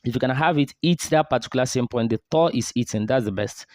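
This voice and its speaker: Guy teaching recitation, drills syllables slow and repeats them, mid pitch, dry close sound. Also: a little mellow, dry recording. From Nigeria. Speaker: tajweed teacher. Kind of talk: recitation lesson.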